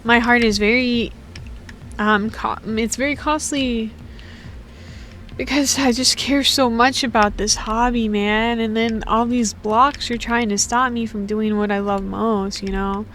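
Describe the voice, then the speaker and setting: A woman's voice: a little high, fairly even intonation, a little slow, a bit bright, a little hiss or hum. A woman giving casual, joking, rambling commentary while playing a game, full of slang. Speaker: gaming streamer.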